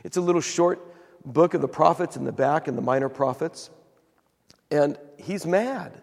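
A man preaching a sermon as pastor, telling a Bible story with animated retellings of the quoted voices. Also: a little high, normal speed, gravelly, long reverb tail.

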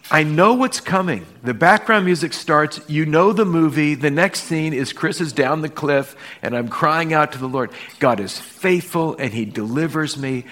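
A middle-aged pastor preaching a sermon, telling a story and acting out bits of dialogue with shifting emphasis. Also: male voice, medium pitch, fairly bright tone.

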